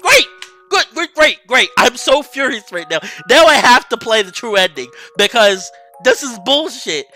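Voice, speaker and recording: A woman hosting a let's play, reacting to the game with excitable, exasperated outbursts. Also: a little high, normal speed, faint music behind. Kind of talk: game commentary.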